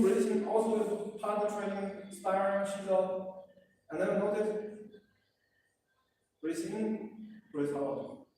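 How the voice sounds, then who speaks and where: A man's voice: high-pitched, darkish tone. Man coaching in an echoey hall. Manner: broken English, counting and coaching, frequent okay and right. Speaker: martial arts instructor. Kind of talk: live-streamed class instruction. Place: training hall of a martial arts school. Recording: echoey hall from far off, faint hiss.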